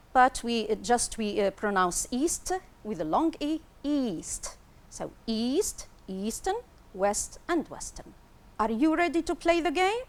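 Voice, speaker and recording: A woman teaching an English lesson on television, explaining slowly and clearly and repeating words for pronunciation. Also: on the high side. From Tunisia.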